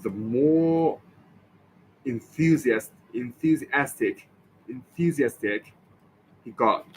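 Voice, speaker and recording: A man practicing English pronunciation aloud, slowly repeating and correcting words. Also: medium pitch, a little hiss or hum, poor audio.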